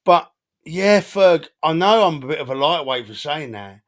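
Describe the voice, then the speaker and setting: A football podcast co-host with a slightly high, expressive voice chats at a normal speed. He gets emotional and animated about the game and often repeats himself.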